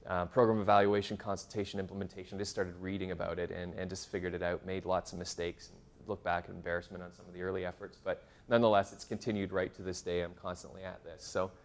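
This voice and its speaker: A man's voice: low-pitched, little pitch movement, quick pace. Man in his forties from canada, workshop presenter, rambling, self-deprecating, casual lecture. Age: 40s. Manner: rambling, self-deprecating, many fillers and restarts. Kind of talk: casual lecture to graduate students. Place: university seminar room.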